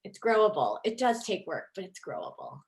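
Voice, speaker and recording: A woman's voice: mid-range voice, a little fast. A woman in her thirties, a leadership coach, giving an enthusiastic, chatty online presentation over a video call. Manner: lively, enthusiastic, chatty with many fillers.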